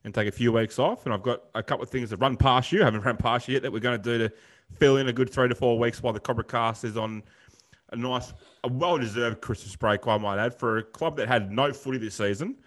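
Brief: quick-fire Aussie co-host, blokey rambling chat, middle pitch. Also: male voice, fairly bright tone. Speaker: podcast co-host. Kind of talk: casual podcast chat.

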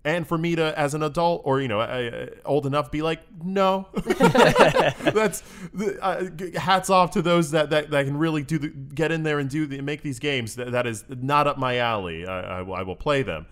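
A man's voice: fairly high pitch, moderate pace, hardly any pauses, fairly bright tone. Rambling, self-mocking young man host. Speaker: podcast co-host. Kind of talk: casual chat. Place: room above a comic shop.

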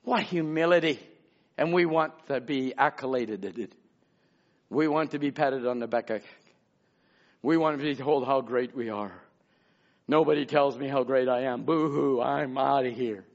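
Fiery gravelly male preacher. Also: medium pitch, normal speed, pauses often, lo-fi sound. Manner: fervent preaching, swings from quiet talk to shouting. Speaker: pastor. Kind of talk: sermon.

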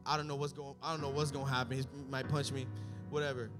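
A young man preaching a sermon, telling stories and building up to shouted climaxes. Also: mid-range voice, level tone, fast, music in the background.

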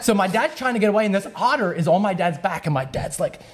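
A man's voice: sits high, quick pace, over a noisy crowd. A young man casually telling a funny story on a podcast, laughing as he goes and acting out the voices. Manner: animated, laughs while telling, acts out voices.

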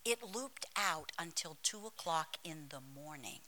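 Bright-voiced woman preaching, slow and emphatic. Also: sits low, animated, low-quality recording. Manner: emphatic, drops into dramatic whispers; storytelling with humor, calls to the congregation. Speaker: pastor. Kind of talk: sermon. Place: church.

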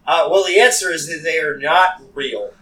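A man's voice: a little high, moderate pace, bright, forceful tone, distant mic. A young man co-hosting a casual podcast, joking in a brash, crude way. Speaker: podcast co-host.

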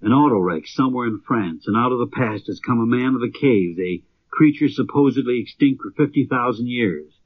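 A man as radio announcer, measured and formal. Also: medium pitch, dry recording. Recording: dry, dull old radio recording.

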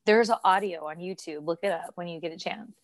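A woman's voice: lowish voice, brisk, no echo. A young adult woman co-hosting a casual podcast chat, telling stories animatedly and acting out quoted lines. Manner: animated storyteller, acts out quotes. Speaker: co-host.

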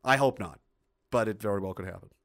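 A middle-aged man hosting a casual livestream, reading out viewer comments and ranting in a blunt, profane way. His voice is bright and forceful. He rambles, stumbles over restarts, and breaks into heated outbursts. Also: fairly low pitch, fast.

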